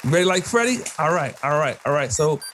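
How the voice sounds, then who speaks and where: A man's voice: fairly high pitch, expressive, a little fast, fairly bright tone, a faint crowd, slight background noise. Playful laughing male podcast host. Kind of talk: casual chat, quiz game.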